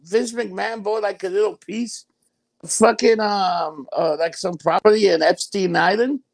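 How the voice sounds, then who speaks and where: High, gravelly man gossiping casually. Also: steady tone, moderate pace. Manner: profane, gossipy, laughs often. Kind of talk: casual chat.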